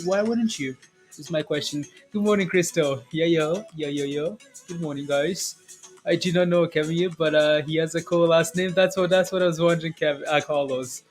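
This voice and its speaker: Brief: male livestream market host, casual and chatty, slightly high voice, faint music underneath. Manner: chatty, repeats himself, ends points with "right?". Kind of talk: casual live chat greeting viewers.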